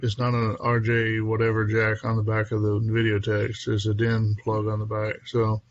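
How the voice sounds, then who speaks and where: A man's voice: on the low side, completely flat delivery, moderate pace, muffled recording, a little hiss or hum. A man hosting a casual podcast chat, upbeat and chatty, often breaking into little laughs. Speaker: podcast host.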